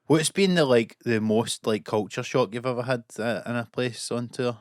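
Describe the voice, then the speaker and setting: A man with a Glaswegian accent hosting a podcast, chatty and quick to laugh as he asks questions. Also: medium pitch, dry recording, studio quality. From Scotland. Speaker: podcast host. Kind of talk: casual podcast chat.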